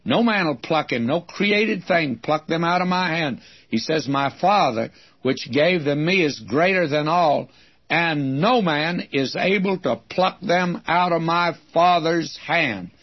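An older man preaching a Bible-teaching sermon in a folksy storytelling way, with a husky voice. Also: on the high side, a little slow, muffled recording.

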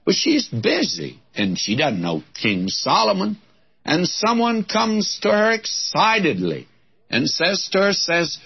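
A male preacher giving a sermon, telling a Bible story with expressive voices and quoting old-fashioned scripture. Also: fairly high pitch, measured pace, husky, lo-fi sound.

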